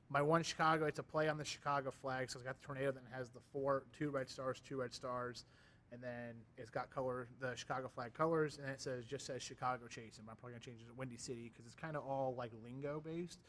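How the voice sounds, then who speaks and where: Young guy cohosting a weather stream, talks fast, jokey banter. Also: mid-range voice, fairly bright tone, a little hiss or hum. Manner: quick, joking banter. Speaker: co-host of a weather livestream. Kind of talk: casual chat.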